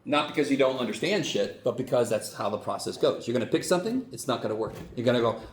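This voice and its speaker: A man's voice: medium pitch, fast, hardly any pauses, far from the mic. Male math lecturer, loose and jokey with salty language, recorded from across an echoey classroom with faint room hum. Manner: casual, joking, swears freely, animated.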